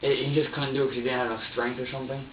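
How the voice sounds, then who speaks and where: A man being questioned as a suspect speaks in a mid-range voice, flat in delivery but racing along. He gives a long, rambling account full of swearing, false starts, and his own past thoughts spoken aloud. Seated far from the mic in a bare interrogation room, he sounds distant, echoey, and muffled, with slight background noise.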